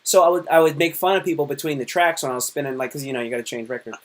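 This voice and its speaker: Animated, slightly high-voiced male host. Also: rapid-fire, a little hiss or hum. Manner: animated storyteller, many fillers. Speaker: live stream host. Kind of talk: casual chat.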